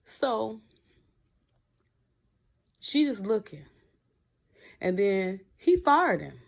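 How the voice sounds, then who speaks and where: A woman's voice: mid-range voice, drawn-out words, creaky. A woman recapping a TV episode in casual chat, blunt and slangy, talking straight to her viewers. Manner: blunt, slangy and animated, talks to viewers directly. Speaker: TV episode reviewer.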